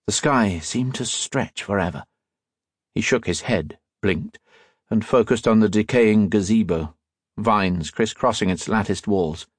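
A man reading a novel aloud as an audiobook narrator, with expressive storytelling. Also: fairly low pitch, measured pace, husky, dry recording. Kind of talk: scripted narration.

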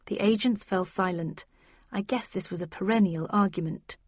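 A woman narrating a novel in a steady, matter-of-fact way, reading all the characters. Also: medium pitch, moderate pace, slightly rough, no echo, dull audio. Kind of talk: audiobook narration.

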